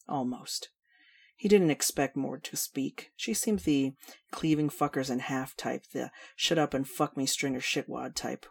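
A woman reading adult fantasy fiction aloud in a steady storytelling manner. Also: very deep voice. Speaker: reader. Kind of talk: fiction narration.

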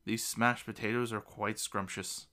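A man's voice: on the low side, level tone, unhurried, pushed and bright. A man voicing an ancient, small male gnome ambassador who is playful and grandly formal. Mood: teasing. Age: older. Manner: mischievous, theatrical, grandly formal.

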